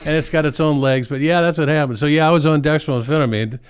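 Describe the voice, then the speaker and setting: An older man, a Vietnam veteran and podcast guest, telling war stories in a relaxed, animated way and acting out the other people's lines. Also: a little high, quick pace, clean tone. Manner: animated, acts out voices in anecdotes, chuckles often. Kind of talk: casual storytelling.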